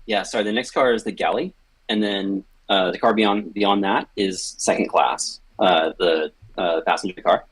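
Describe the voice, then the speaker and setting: A man narrating as game master in a tabletop game, casual and halting with many fillers. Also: low-pitched, steady tone, breathy edge, no echo, rough recording.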